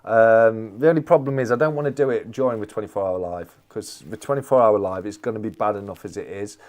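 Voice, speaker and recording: Talking fast in a low-ish, darkish voice, the host answers his live chat viewers casually. He repeats his phrases and calls every one of them "mate."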